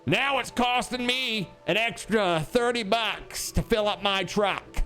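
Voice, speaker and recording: A man doing a grumbling old rural truck guy, overdone folksy drawl, pitched up high. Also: slow, pushed and bright, faint music behind, exaggerated voice. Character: gruff old rural male truck owner complaining.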